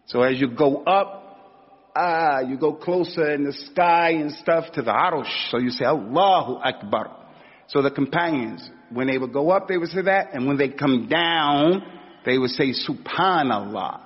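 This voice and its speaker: Man, preacher, informal sermon, slangy and conversational, husky voice, somewhat high, dull sound, long hall echo. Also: normal speed. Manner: conversational, street slang, acts out anecdotes.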